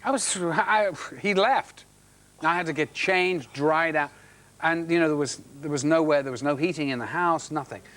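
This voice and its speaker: A man's voice: on the high side, fairly bright tone. Middle-aged man spinning an anecdote. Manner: halting restarts, acts out quoted voices. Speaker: actor guest. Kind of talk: anecdotal chat show storytelling.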